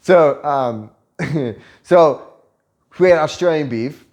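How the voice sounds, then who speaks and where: A man's voice: fairly high pitch, slow pace, darkish tone. A man telling a story in a casual, profane, joking way and laughing often. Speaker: vlogger.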